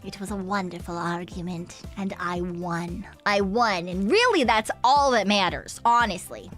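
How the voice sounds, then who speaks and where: A woman's voice: medium pitch, unhurried, fairly bright tone, faint music behind. A young woman from Canada, streaming a game and chatting casually, rambling and swearing freely as she tells a story with giggles. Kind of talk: casual chat while gaming.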